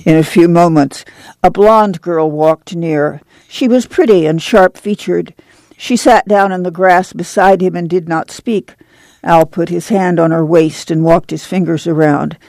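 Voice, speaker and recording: A reader narrating a novel in a steady, measured storytelling manner. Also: mid-range voice, no echo. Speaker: audiobook narrator.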